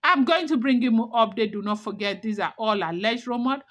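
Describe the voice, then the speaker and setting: A woman's voice: fairly high pitch, fairly quick. A woman narrating celebrity gossip in a dramatic, repetitive, emphatic way.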